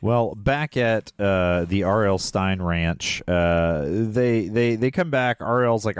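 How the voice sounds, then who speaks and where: A man's voice: on the low side, slow pace, hardly any pauses, smooth, no echo, studio quality. A man in his forties, a podcast co-host casually recapping a movie plot, rambling with many filler words. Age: 40s.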